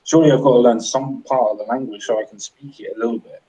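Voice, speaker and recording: A man's voice: mid-range voice, fairly even intonation, quick pace, dark tone, breathy edge, highs cut off. A man in a casual chat, blunt and argumentative, swearing as he makes his points.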